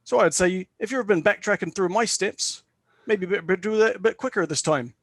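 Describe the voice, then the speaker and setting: A man's voice: high-pitched, moderate pace, fairly bright tone, dry recording, clean studio sound. A man voicing a doom-haunted male warlock who delivers his threats with mocking, elaborate politeness. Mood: mocking menace.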